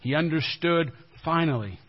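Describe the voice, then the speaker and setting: A male pastor giving a sermon in a conversational way, dropping to a hushed low voice for emphasis. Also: expressive, normal speed, husky. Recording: dull lo-fi recording.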